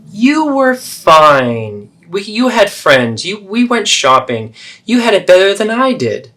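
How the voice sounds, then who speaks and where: A man's voice: sits high, pushed and bright, full character voice. A man voicing a defensive, self-pitying middle-aged mother who deflects and guilt-trips in a therapeutic role-play.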